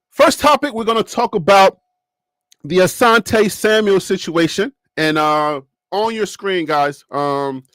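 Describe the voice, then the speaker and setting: A man hosting a live sports talk stream in a chatty, animated way, often laughing and swinging his voice up and down. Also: fairly high pitch, no room sound.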